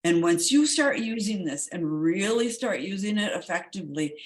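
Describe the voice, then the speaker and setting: Emphatic woman coach in mid pitch. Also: lively intonation, moderate pace. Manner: emphatic, repeats key words. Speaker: wellness coach. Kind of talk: enthusiastic wellness talk.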